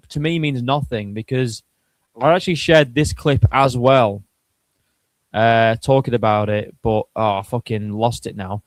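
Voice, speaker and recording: A man's voice: mid-range voice, fairly even intonation, unhurried, dry recording. A young man talks in an easy mid-range voice, recorded close and dry with no room around it. He chuckles as he goes and often trails off to restart his sentences while co-hosting a chat. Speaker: co-host. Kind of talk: casual chat.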